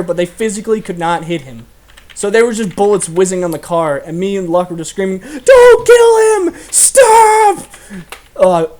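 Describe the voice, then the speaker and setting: A man's voice: high-pitched, a little mellow. A young man hosting a casual chat, telling stories animatedly and laughing often. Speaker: host.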